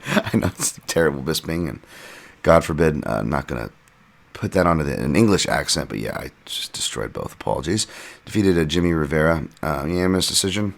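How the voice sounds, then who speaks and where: A man's voice: extremely low pitch, lively intonation, a little fast, vocal fry. A man hosting a podcast, casually recapping fights in a rambling, self-deprecating way with lots of fillers. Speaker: podcast host and fight analyst.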